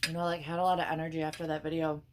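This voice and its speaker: A young woman with a Wisconsin accent talks in a low, relaxed voice while cooking breakfast. She rambles, apologizes, drops the odd swear, and sounds worn out from pregnancy. A faint hiss and small clicks of kitchen work sit behind her. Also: racing. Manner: rambling, chatty, self-deprecating, swears casually. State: pregnant and tired. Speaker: cooking vlogger. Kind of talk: casual chat while cooking.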